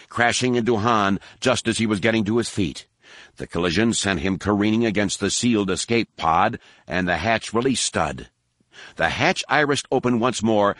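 Male audiobook narrator, measured and steady, low register, dry booth sound. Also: no room sound. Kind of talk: scripted narration.

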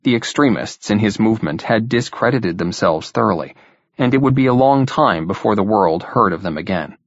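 Guy reading an audiobook, steady, lowish voice, dry muffled audio. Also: normal speed, no room sound. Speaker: narrator. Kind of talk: audiobook narration. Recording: dull lo-fi dry recording.

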